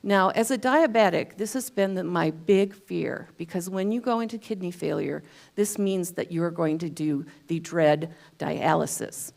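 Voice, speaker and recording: A woman's voice: fairly low pitch, moderate pace, gravelly, a little mellow. A woman giving a talk at a spiritual center, telling a personal story in a chatty way with self-deprecating humor. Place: church hall.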